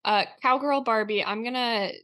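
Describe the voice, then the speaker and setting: A woman's voice: on the high side, moderate pace, sharp tone. A woman running a tabletop role-play as game master, narrating with lots of fillers.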